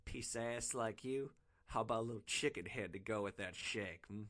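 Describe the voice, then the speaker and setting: A man putting on a low-drawling crude passenger. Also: moderate pace, a bit bright, close to an everyday voice. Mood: smooth, crude. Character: crude, cocky man passenger, a big tipper.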